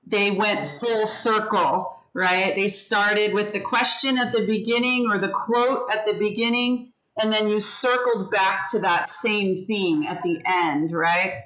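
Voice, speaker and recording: A woman's voice: mid-range voice, a bit bright, low-quality recording. A woman teaching an online English class, patiently giving feedback and explaining how word stress changes. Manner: encouraging, explains pronunciation patiently.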